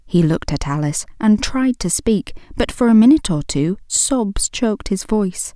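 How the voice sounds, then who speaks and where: Slow, expressive woman reading a storybook. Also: mid-range voice, no echo, clean studio sound. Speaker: audiobook reader. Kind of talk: storybook narration.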